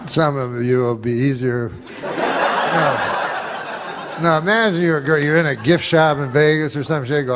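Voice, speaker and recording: A male comedian telling a rambling, profane story in a deadpan way, with many fillers. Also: medium pitch, a little slow, long pauses, noisy background. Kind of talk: stand-up style storytelling.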